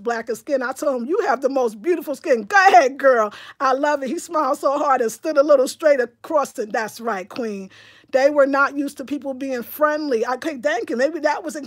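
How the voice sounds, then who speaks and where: A woman hosting a livestream in casual chat, reading viewer comments aloud and answering them in a talkative, animated way, with bursts of excited exclamation. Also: high voice. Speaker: livestream host.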